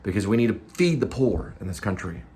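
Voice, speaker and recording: A man's voice: fairly low pitch, very animated, a little fast, warm tone. A man, an actor and vlogger, chatting in a rambling, casual way and drifting from one topic to the next. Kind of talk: casual vlog chat.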